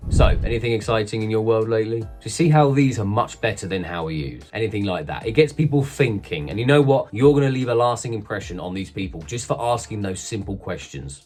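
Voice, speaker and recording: A man's voice: lowish voice, a little mellow. A man talking casually to camera, giving social tips in a chatty, emphatic way. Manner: chatty, emphatic, acts out bland small talk.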